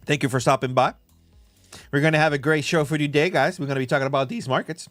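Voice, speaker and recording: Guy hosting a crypto livestream on his phone, kinda high voice, swears a lot, fast shout-outs, dry sound with faint music under it. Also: no echo. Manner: excitable, profane, rapid shout-outs to viewers. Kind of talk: casual livestream chat.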